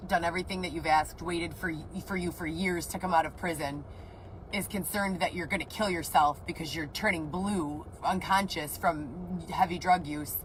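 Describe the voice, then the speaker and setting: A woman's voice: low-pitched, a little hiss or hum, low-quality recording. A woman telling her own story in an agitated, rambling way, swearing often. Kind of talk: emotional personal account.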